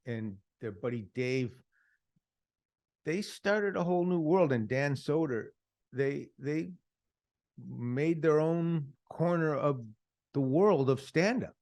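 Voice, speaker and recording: A man's voice: a little high, animated, takes it slowly, darkish tone, dry recording, clean studio sound. A man hosting a podcast in casual chat, praising things in a rambling, enthusiastic way. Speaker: podcast host.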